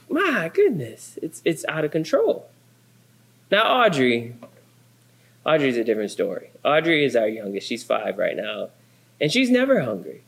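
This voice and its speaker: Male pastor, 30s, slightly high voice, animated sermon storyteller. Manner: animated storytelling, acts out quotes. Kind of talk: sermon with humorous family stories.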